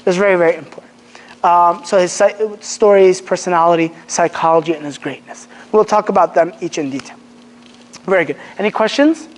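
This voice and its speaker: A man giving a casual religious lesson to young people, telling animated stories, acting out quotes and restarting his sentences often. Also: sits high, a little fast. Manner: animated storyteller, acts out quotes, many fillers and restarts. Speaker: Islamic teacher. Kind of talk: casual religious lecture to a youth group. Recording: long hall reverb.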